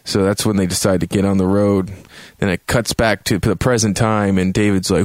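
A man's voice: lowish voice, level tone, normal speed, a little mellow, no room sound, clean studio sound. A man hosting a game review show, rambling and joking with plenty of swearing.

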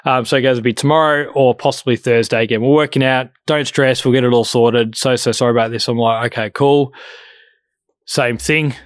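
A man's voice: medium pitch, steady tone, fairly quick, dry recording, studio quality. A man telling a story in casual chat, swearing freely and acting out both sides of the conversation.

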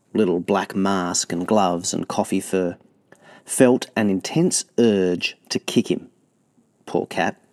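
A low-pitched man reads from his own novel, steady and measured. His delivery is intimate and unhurried, letting the lines breathe. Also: no echo.

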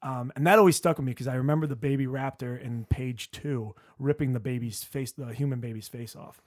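A man's voice: medium pitch, fairly quick, a little mellow, no room sound, studio quality. A man hosting a casual podcast chat, rambling with many restarts and fillers. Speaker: podcast host.

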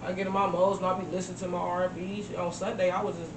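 A woman's voice: lowish voice, little pitch movement, racing, a crowd in the background. A woman co-hosting a podcast in casual chat, telling stories in a laid-back, profane way. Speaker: podcast co-host. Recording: roomy, distant mic with noise.

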